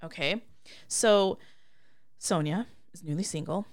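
A woman's voice: on the low side, slow, no room sound, clean studio sound. A woman co-hosting a casual chat, agreeing often and walking through the plot. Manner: affirming, chatty, walks through plot points. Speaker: podcast co-host. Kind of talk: casual chat about a movie.

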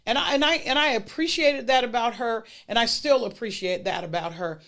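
A middle-aged woman telling personal stories about her career mentors in a lively, emphatic way. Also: a little high, brisk. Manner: emphatic, lively retelling with acted-out dialogue. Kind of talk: personal storytelling talk.

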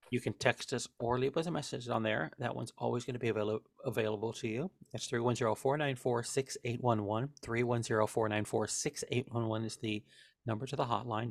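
A man's voice: mid-range voice, vocal fry, dry recording. A man co-hosting a podcast in casual chat, repeating himself and teasing his co-host.

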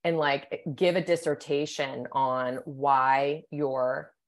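A woman's voice: very deep voice, fairly even intonation, takes it slowly. A woman, a sports psychologist, explaining her ideas thoughtfully in a podcast interview, often checking in with "right?" and "you know".

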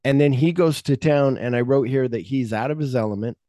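In a dry, studio-quality recording, a man with a mellow, mid-range voice speaks briskly. He hosts a podcast of casual film talk, recounting movie scenes and performing the quoted lines himself.

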